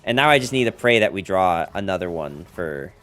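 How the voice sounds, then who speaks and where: A man's voice: low voice, expressive, brisk, a bit bright, soft background music. Chatty American man streaming a game. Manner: chatty, playful, jokes with chat. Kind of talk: casual gameplay commentary.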